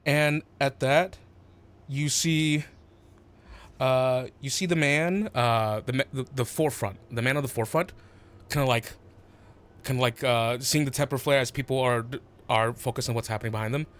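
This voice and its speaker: A man's voice: mid-range voice, moderate pace, fairly bright tone. A man narrating as game master of a tabletop game, hesitant, with many fillers and restarts.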